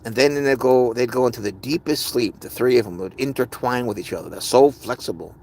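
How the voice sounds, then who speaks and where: A man's voice: mid-range voice, a little fast, darkish tone. Man rambling casually on a livestream. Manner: rambling, answers viewers' comments. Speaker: livestream host. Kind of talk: casual live-stream chat.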